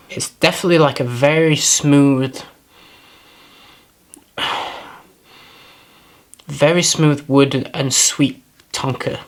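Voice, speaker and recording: A man at an ordinary middle pitch reviews fragrances in a relaxed, unscripted way. He pauses, restarts and repeats words while working out what he smells, and he is often apologetic about himself. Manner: thoughtful, hesitant, self-deprecating, repeats words while searching. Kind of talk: casual product review.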